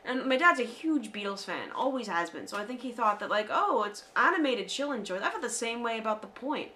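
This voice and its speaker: An American woman co-hosting a casual podcast, chatty and animated, with many fillers. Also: fairly high pitch, fairly quick, a little hiss or hum. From United States. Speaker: podcast co-host. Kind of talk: casual chat.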